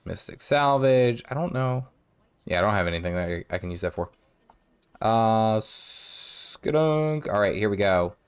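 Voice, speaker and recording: A man's voice: lowish voice, normal speed, smooth. A man streaming a video game in a casual, rambling way, correcting himself and humming to himself, with a sore, cracking throat. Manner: rambling, self-correcting, hums and sings nonsense to himself. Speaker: gaming streamer. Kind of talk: casual live-stream commentary while playing.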